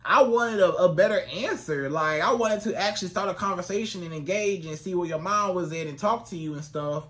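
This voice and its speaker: A man giving casual dating advice to the camera, animated and colloquial, repeating his phrases. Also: high voice, a little fast. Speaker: dating coach.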